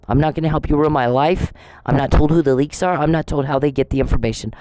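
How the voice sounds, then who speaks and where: A woman's voice: sits low, fast, dark tone, no echo, poor audio. A woman hosting her own channel, delivering an angry, profane, accusatory rant straight at the person she blames, hammering the same insults again and again. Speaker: channel host. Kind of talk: angry direct-address rant.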